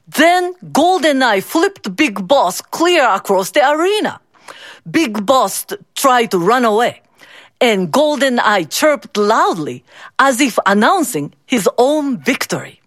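A woman reading a folk tale aloud as a storybook, slowly and expressively. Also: mid-range voice, no room sound, clean studio sound. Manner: slow, expressive, switches into character voices.

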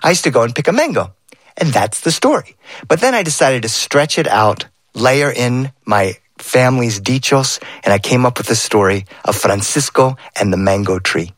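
An animated middle-aged man telling a family tale aloud, his pitch swinging widely as he plays with the words. He talks in a playful, lively way, and the recording is dry and close with no room sound. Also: moderate pace, dry recording. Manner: warm, animated, playful, full of voices. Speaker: storyteller. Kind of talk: oral storytelling.

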